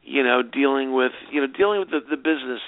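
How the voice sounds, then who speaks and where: A man's voice: medium pitch, fast, dry recording. Man telling stories over a tinny line. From United States. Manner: rambling anecdotes with many restarts. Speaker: film director, guest. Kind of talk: casual interview answers. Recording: dry, tinny phone-line sound.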